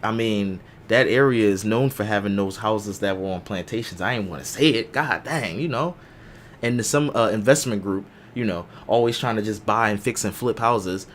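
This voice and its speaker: A man's voice: lowish voice, normal speed, a little hiss or hum. A man hosting a casual live chat show, joking and telling stories in a loose, slangy way. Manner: animated storyteller, slangy and joking. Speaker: podcast host.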